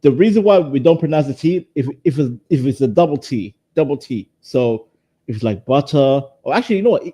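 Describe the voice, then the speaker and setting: Man, playful panel guest, lively pitch, warm mellow voice. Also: fairly quick, husky. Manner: playful, teasing, stammers when starting. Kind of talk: casual group chat on a live panel.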